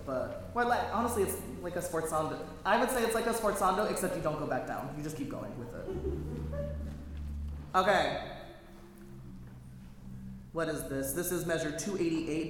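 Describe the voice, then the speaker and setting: High-voiced choir director in an echoey hall. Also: male voice, normal speed, long pauses, fairly bright tone. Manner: chatty, detailed, self-correcting. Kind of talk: choir rehearsal instruction. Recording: echoey hall, faint noise.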